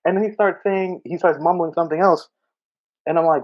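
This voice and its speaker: A man co-hosting a podcast, telling a story in casual chat, animated and laughing as he acts out what people said. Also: a little high, a little fast, muffled recording. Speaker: podcast co-host.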